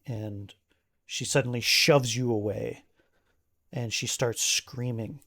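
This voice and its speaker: A man narrates a tabletop game as its game master, in a casual and halting way. His delivery is full of fillers and small restarts. His voice is gravelly, and it sounds close and dry. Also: medium pitch, fairly even intonation, fairly bright tone, no echo. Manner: casual, halting, many fillers, laughs often.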